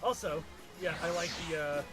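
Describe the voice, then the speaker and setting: A man rambles through casual gaming chat, trips over his words and restarts his sentences, and swears now and then. His voice sits fairly high, with game music clearly audible behind him. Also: normal speed. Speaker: co-player.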